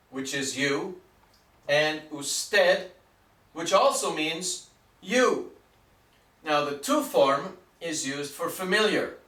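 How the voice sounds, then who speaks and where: A man teaching a basic language lesson, patient and deliberate, spelling words out letter by letter. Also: fairly high pitch, pushed and bright, echoey room, distant mic. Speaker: Spanish teacher.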